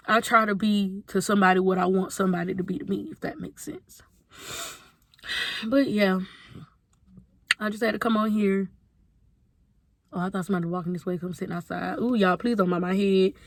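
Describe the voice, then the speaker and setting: A woman's voice: medium pitch, a bit bright, no room sound. A young adult woman, talking candidly and rambling on a casual venting vlog. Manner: candid, rambling, heavy use of "like". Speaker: vlogger.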